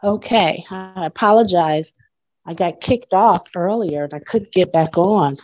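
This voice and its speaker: A woman speaking as a guest teacher in an online Bible class, out of breath and halting, with many pauses and fillers. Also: on the low side, a little mellow, muffled recording. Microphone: video call.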